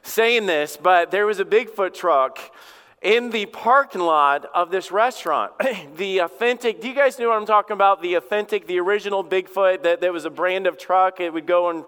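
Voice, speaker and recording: A middle-aged man with a Southern American accent preaching a sermon in a folksy, storytelling way, with sudden animated bursts. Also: sits high, normal speed, clear, resonant tone. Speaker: pastor. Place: church sanctuary. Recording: long reverb of a big hall.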